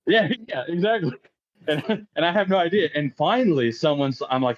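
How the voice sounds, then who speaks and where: A man's voice: on the high side, lively intonation, fairly quick. A man in his late thirties, a podcast guest, telling a story in a casual, profane way, laughing often and acting out quoted lines in a raised voice. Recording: dull lo-fi podcast audio.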